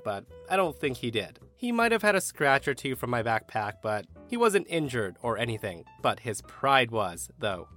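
A man's voice: mid-range voice, fairly bright tone. A man hosting a podcast, narrating online stories with wry, chatty asides to his listeners. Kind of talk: storytelling narration.

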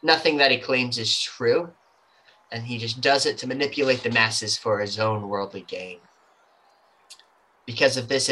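A man's voice: mid-range voice, pushed and bright, rough recording. A man voicing a defiant self-proclaimed male prophet who makes a grand, accusing speech to a crowd.

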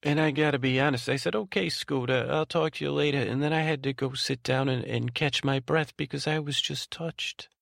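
A rambling, sentimental grown man who loses his train of thought, repeats himself and trails off in a slightly gravelly, middle-pitched voice, as a man puts him on. It is a drowsy bedtime monologue, recorded close and dry. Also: steady tone, a little fast, few pauses, a bit bright, dry recording. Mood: tender. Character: rambling, tenderhearted adult man named Ray. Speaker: podcast host in character.

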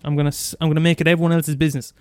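A man's voice: fairly high pitch, level tone, racing, a little mellow, clear, resonant tone, dry recording. A man from Limerick with a Limerick Irish accent, ranting in a comedic monologue, profane and exasperated, often restarting and repeating himself. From Limerick, Ireland.

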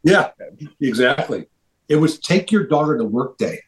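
A man guesting on a video call, telling animated anecdotes and acting out the people he quotes. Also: a little high, normal speed, roomy sound, low-quality recording. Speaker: interview guest. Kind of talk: casual storytelling.

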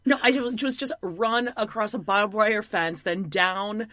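Woman, casual chat, animated, acts out quotes, dry close recording. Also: medium pitch, slow, dry recording. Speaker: podcast co-host.

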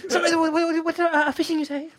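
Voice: extremely high pitch, level tone, fairly quick, a little hiss or hum, pitched above the performer's own voice. A speaker putting on Hagrid, a stammering giant. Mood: flustered. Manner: stammering, rambling. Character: bumbling giant gamekeeper, stammering, older man.

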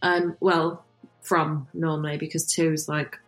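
Low-voiced giggly woman who mumbles. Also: flat delivery, measured pace, faint music behind, poor audio. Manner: giggly, rambling, swears casually. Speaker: podcast co-host. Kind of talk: casual chat.

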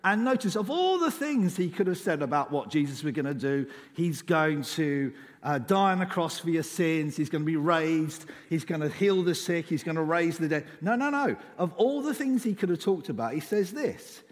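Male preacher, animated and slightly high-pitched delivery, informal sermon, long church-hall reverb. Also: moderate pace, few pauses. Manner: informal, conversational, with emphatic rises on key lines.

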